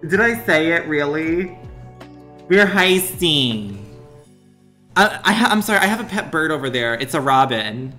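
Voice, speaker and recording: A man streaming a mobile game, doing playful, over-the-top excited commentary in the manner of a mock sponsored ad. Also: a little high, a little slow, faint music behind.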